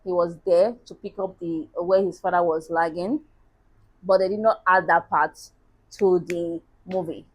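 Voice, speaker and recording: A woman's voice: lowish voice, fairly even intonation, measured pace, darkish tone, poor audio. A woman chatting casually as a book reviewer, laughing at herself now and then.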